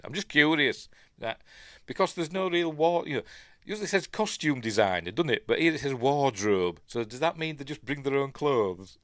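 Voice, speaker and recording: A man's voice: fairly low pitch, dry recording. A middle-aged man with a Yorkshire accent hosts a casual film breakdown, rambling and muttering asides to himself as he wonders aloud. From Yorkshire, England. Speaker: film review host.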